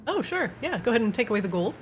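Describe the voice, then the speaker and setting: A woman narrates a tabletop game as its game master, her pitch swinging widely. She talks casually and laughs often between descriptions. Soft music plays underneath. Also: sing-song. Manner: laughing, casual, quick asides.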